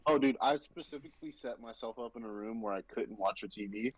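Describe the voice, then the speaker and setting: A man's voice: medium pitch, brisk, no echo, low-quality recording. A young man co-hosting a casual sports podcast, venting about losing bets with lots of swearing. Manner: frustrated venting, swears freely. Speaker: podcast co-host.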